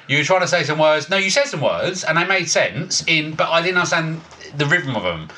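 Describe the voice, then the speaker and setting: A man's voice: fairly high pitch, a little fast. A man co-hosting a podcast, telling stories in casual, sweary chat and acting out what people said. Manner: swearing, animated storyteller who acts out quotes. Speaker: podcast co-host.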